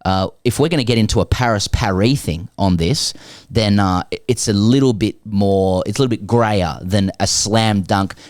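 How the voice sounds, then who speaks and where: A man's voice: lowish voice, moderate pace, hardly any pauses, a little mellow, no room sound, studio quality. An Australian man co-hosting a sports podcast, reading listener emails aloud in a wry, theatrical way with frequent laughs. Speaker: podcast co-host.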